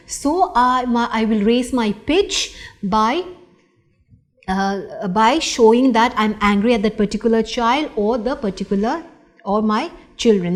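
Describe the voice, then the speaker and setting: Middle-aged woman teacher, kinda high voice, slow lecture w lots of uhs and restarts. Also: expressive. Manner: slow and deliberate, with many fillers and restarts. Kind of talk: recorded lecture.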